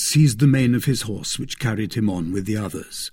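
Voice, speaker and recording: A man narrating a classic adventure novel in a steady, even reading voice. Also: lowish voice, moderate pace, breathy edge. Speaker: audiobook narrator. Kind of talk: scripted narration.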